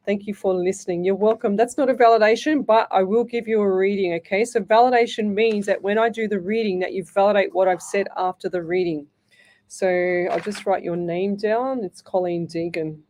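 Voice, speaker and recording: A woman's voice: medium pitch, normal speed, dark tone. A middle-aged woman hosting a live radio show as a psychic medium, talking in a chatty, repetitive way and calling listeners lovey. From Australia. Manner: chatty, repeats herself, calls listeners lovey.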